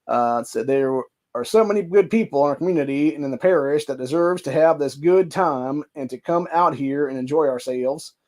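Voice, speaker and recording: Host, male, Ohio accent, reads news aloud then rants hot and crude; voice sits a bit high. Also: a little fast, a little mellow. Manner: heated, profane ranting between stretches of reading. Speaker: podcast host. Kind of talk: reading news articles aloud with profane commentary.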